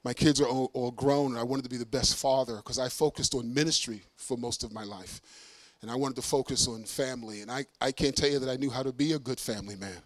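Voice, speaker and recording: A man's voice: mid-range voice, quick pace, no echo. A middle-aged man from Brooklyn, a traveling preacher telling funny stories in a sermon and acting out voices. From Brooklyn, New York. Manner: animated, acts out voices, laughs often. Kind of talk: humorous sermon storytelling.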